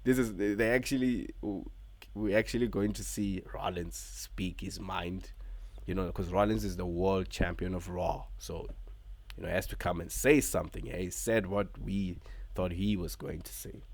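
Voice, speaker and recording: Man reviewing wrestling casually, low voice, dry close sound, excitable, curses. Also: moderate pace, no echo. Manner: excited, swears, heavy filler words.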